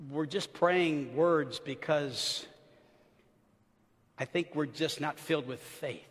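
A middle-aged man preaching a sermon as pastor, swinging from hushed murmurs to shouted emphasis and acting out the people in his stories. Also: a little high, slow, pauses often, husky. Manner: animated storyteller acting out quoted speech. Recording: long reverb of a large church hall.

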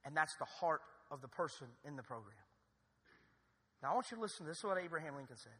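A male pastor preaching a sermon in a church, building to loud, emphatic cries. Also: a little high, sing-song, fast talker, slightly rough, in a large hall. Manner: preaching with rising, shouted emphasis. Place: church sanctuary.

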